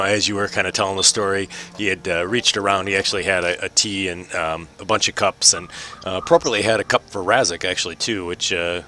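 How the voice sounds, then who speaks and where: A man narrating a tabletop game as game master in a relaxed way, with many fillers. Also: sits low.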